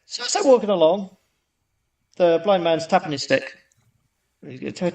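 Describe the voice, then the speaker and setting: A man's voice: high voice, animated, moderate pace, vocal fry, darkish tone. A man co-hosting a podcast, telling a long joke in a casual, rambling way with frequent restarts. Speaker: podcast co-host.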